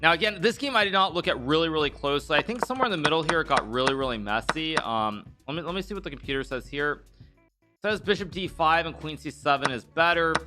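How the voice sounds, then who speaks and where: A man's voice: a little high, lively intonation, music in the background. A man in his thirties giving casual live-stream commentary on chess games, thinking aloud with restarts and fillers. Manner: thinks aloud with frequent restarts and fillers, reads out donor thanks quickly.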